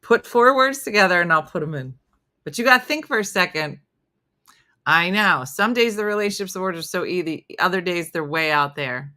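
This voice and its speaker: A woman's voice: on the low side, lively intonation, moderate pace, sharp tone. A woman comedian hosting a live morning show, chatting casually and self-deprecatingly, reading viewer comments as she goes. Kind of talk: casual live-stream chat.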